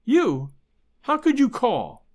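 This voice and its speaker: A man reading aloud and voicing a passionate young Italian wife who speaks in exclamations and halting English, with an Italian accent. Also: very high voice, wildly swooping pitch, voice pushed up, heavily acted. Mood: excited.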